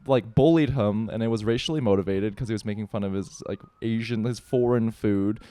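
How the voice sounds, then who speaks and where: A man's voice: fairly low pitch, a little fast, warm tone, no echo. A man co-hosting a podcast in casual chat, backing up his co-host with short agreements and his own take. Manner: supportive listener, frequent short agreements.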